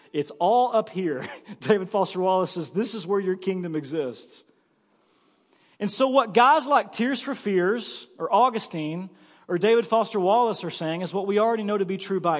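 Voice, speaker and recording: A man in his thirties preaching a sermon as pastor, telling a story in an animated, joking way. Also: high voice. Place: church sanctuary. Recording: long church-hall reverb.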